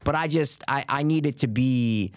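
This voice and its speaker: A man co-hosting a podcast, talking in casual, animated banter that is full of swearing and jokes. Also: medium pitch, moderate pace, no room sound, studio quality. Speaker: podcast co-host. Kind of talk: casual chat.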